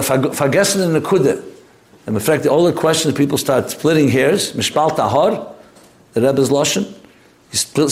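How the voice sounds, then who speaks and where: A man's voice: mid-range voice, darkish tone. Male Torah teacher, informal class, wanders into anecdotes, restarts sentences often. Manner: rambling, anecdotal, frequent restarts.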